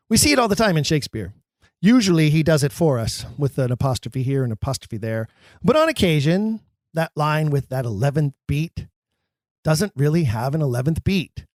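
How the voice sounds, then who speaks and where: Emphatic man explaining acting craft. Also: no echo. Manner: emphatic, drops low and slow for dramatic readings. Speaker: podcast host. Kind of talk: teaching talk on Shakespeare acting.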